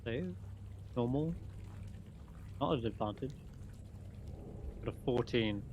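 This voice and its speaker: A male game master narrating a tabletop game in a relaxed, easygoing manner, at a middling pitch. A faint hiss of noise sits under his voice. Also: takes it slowly, highs cut off.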